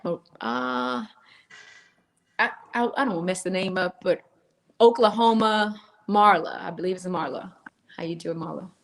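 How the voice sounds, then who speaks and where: A woman's voice: fairly low pitch, animated, moderate pace, pauses often. A woman co-hosting a live stream, chatty and laughing as she greets viewers by name. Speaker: co-host. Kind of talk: live-stream chat, reading out viewer names.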